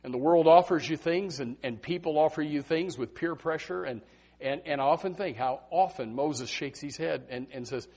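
A man preaching a Baptist sermon, swinging from loud emphatic bursts to hushed asides. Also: fairly high pitch, normal speed, slightly rough.

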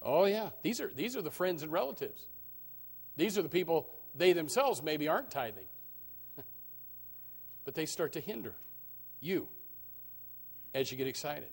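A male pastor preaching with passion, swinging from low murmurs to near shouts. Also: big pitch swings, normal speed, long pauses, husky. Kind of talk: sermon.

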